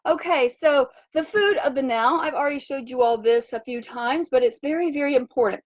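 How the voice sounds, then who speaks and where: A woman hosting a motivational wellness livestream from her home, bubbly and animated, chanting and cheering. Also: sits high, moderate pace. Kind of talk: upbeat motivational livestream chat. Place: home in Fiji by the sea. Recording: dull lo-fi sound.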